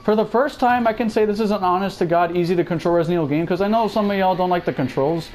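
A high, fast and slightly mellow voice belongs to a young man recording a horror game let's play, with slight background noise. He chatters to viewers and exclaims jumpily at every scare.

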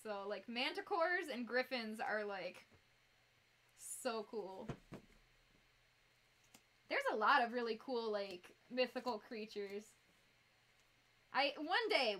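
A woman with a Northern US accent chatting casually on a live stream while she builds a fursuit, bubbly and quick to giggle as she talks to her viewers. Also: on the high side, expressive, pushed and bright. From United States.

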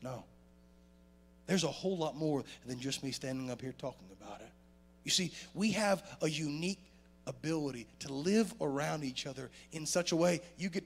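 A man delivers a sermon in a church with a gravelly edge to his voice. His pitch swings widely, climbing for emphasis and falling low for quieter points. His voice sits a touch higher than most men's. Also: moderate pace. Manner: animated preaching with sudden loud rises and quiet drops. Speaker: pastor. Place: church sanctuary.

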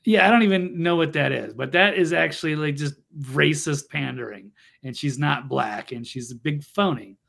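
Gravelly, blunt-talking male show host. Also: fairly high pitch, normal speed, few pauses, fairly bright tone, slight background noise. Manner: blunt and mocking. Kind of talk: opinionated political chat.

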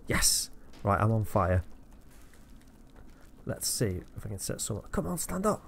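A man giving crude, jokey let's-play commentary, swearing a lot and breaking into squeaky high outbursts. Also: big pitch swings, a little slow, gravelly, slight background noise. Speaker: gamer.

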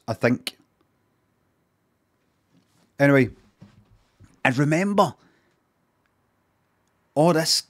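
Swearing man chatting. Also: fairly high pitch. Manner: chatty, swearing, rambling asides. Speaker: streamer. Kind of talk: casual reaction commentary.

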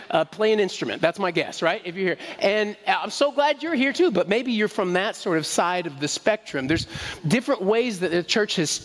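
A man preaching a sermon to his congregation in a relaxed, conversational way, often asking them questions and repeating key phrases. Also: a little high. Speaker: pastor. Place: church sanctuary. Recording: long reverb of a church hall.

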